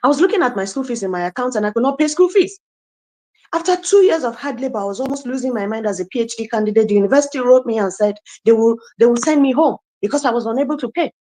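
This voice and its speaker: A woman's voice: a little high, animated, quick pace, darkish tone. Woman, fired-up public speaker, hammers rhetorical questions at the room. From Nigeria. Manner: emotional, preachy, rhetorical questions. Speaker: guest speaker. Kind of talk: impassioned speech in an online audio chat room.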